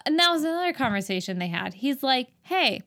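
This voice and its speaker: A woman's voice: high-pitched, fast. Exasperated woman podcaster recapping a movie. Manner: exasperated, incredulous, animated storytelling. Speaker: podcast co-host. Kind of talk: casual movie recap chat.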